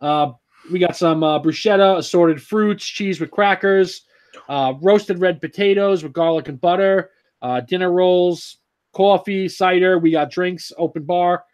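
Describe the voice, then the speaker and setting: A man with a high voice co-hosts a casual podcast chat. He jokes, teases and laughs often. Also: measured pace, darkish tone, smooth. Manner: joking, laughs often, teasing. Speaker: podcast co-host.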